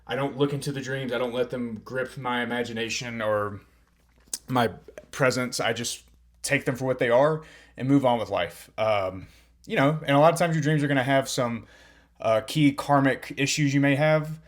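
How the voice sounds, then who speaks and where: A young man hosting a fitness podcast, talking in a calm, earnest, reflective way with frequent filler words. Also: medium pitch, normal speed. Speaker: podcast host and personal trainer.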